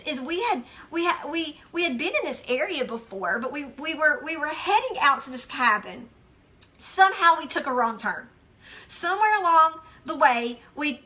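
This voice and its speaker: Middle-aged woman doing a chatty devotional talk, high bright voice, lots of "like"s. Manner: chatty and expressive, with many "like"s and restarts. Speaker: devotional teacher. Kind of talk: casual devotional teaching.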